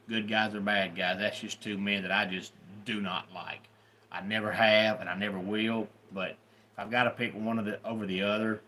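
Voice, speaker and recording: Bright-toned Southern man chatting. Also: on the low side, a little hiss or hum. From Deep South of the US. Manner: opinionated, chatty, greets viewers by name. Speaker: YouTube host. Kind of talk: casual livestream commentary.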